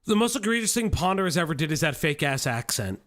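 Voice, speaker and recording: A man's voice: a little high, sing-song, fast, a bit bright. A man with an Italian American accent doing reaction commentary, profane and mocking. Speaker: commentary streamer.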